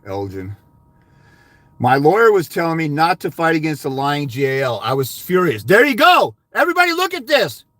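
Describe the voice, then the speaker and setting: Blunt, high-voiced older man ranting. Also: very animated, a little fast, few pauses, fairly bright tone, dry recording. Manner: blunt, abrasive and swearing, berating viewers. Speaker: fathers' rights consultant. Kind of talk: profane ranting monologue.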